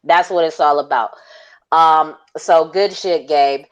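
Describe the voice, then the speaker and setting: A man's voice: a little high, steady tone, takes it slowly, clear, resonant tone, highs cut off. A man hosting a live online audio call, talking in hyped, slangy casual chat, laughing often and swearing freely. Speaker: host.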